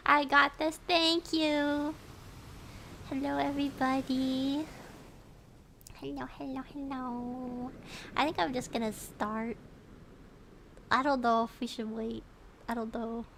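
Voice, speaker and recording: A woman's voice: high-pitched, fairly bright tone, slight background noise. A young woman streamer chatting casually with her viewers, giggly and nervous, repeating her greetings. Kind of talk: casual livestream chat.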